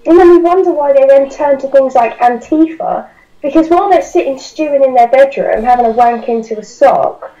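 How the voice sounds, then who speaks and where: A woman's voice: high voice, fairly quick, warm tone. Blunt British young woman, lo-fi. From United Kingdom. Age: young adult. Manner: blunt and emphatic, swears casually. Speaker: guest commentator. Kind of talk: casual political chat.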